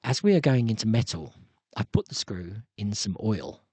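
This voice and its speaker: A man doing a slow, posh English voice with a breathy asthma wheeze, stressing every single word. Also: lowish voice, animated, dark tone, no room sound, voice pushed down. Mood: deliberate.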